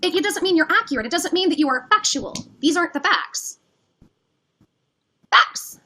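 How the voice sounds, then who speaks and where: A woman's voice: very high-pitched, big pitch swings, fast, pushed and bright. A woman with a Midwestern American accent arguing heatedly on a livestream, talking over the other person with sarcasm. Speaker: livestream debater.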